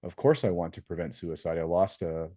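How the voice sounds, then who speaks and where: A man's voice: low-pitched, a little fast, dark tone, dry recording, studio quality. A middle-aged man co-hosting a podcast, easygoing and reflective in casual chat. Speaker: podcast co-host.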